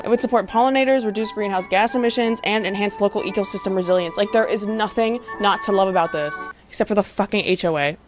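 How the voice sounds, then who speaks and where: A woman's voice: mid-range voice, fast talker, hardly any pauses. Young woman, sarcastic, foul-mouthed, exasperated rant, faint music underneath. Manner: sarcastic, profane, exasperated ranting with laughs. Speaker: video essayist. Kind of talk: ranting commentary vlog.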